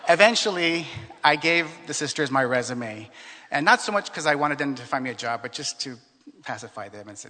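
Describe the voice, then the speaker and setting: A man from California telling his life story in a reflective, earnest way, with many fillers and pauses. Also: mid-range voice, animated, bright, forceful tone, long reverb tail. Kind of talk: personal storytelling.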